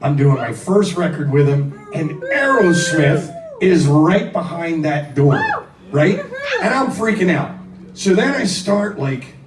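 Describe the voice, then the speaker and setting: A man from Philadelphia, a rock singer, telling a casual anecdote in an animated, profane, self-deprecating way and acting out the quotes. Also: fairly high pitch, takes it slowly, noisy background. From Philadelphia, USA. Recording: roomy echo, distant mic, faint music.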